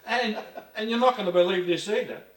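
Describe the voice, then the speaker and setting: A man's voice: high-pitched, fast. An older man from Australia, an interview guest telling stories in a rambling, earthy way, with restarts and mild swearing. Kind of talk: casual reminiscing interview. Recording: roomy, from a distance.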